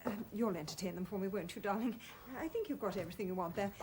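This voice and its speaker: An actress playing a brittle society wife in a period television drama, with a languid, theatrical drawl. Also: female voice, medium pitch, quick pace, a little mellow, a little hiss or hum, close to an everyday voice.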